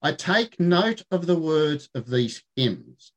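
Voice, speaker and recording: A man's voice: fairly high pitch, big pitch swings, takes it slowly, rough recording. Older Australian man leading a vesper service. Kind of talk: sermon delivered online.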